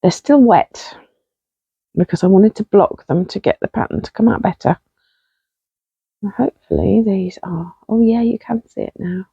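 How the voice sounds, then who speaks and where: Woman, casual knitting chat, mellow husky voice, dry muffled recording. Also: mid-range voice, moderate pace, long pauses, no echo. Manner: chatty, self-deprecating, rambling with fillers. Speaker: podcast host.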